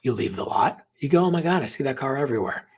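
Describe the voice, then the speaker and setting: Husky guy on a podcast, earnest story, goes whispery at the soft parts, mid-pitched voice. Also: expressive, quick pace. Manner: earnest, emotional, drops to a whisper at tender moments. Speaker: podcast guest. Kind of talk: personal storytelling in an interview.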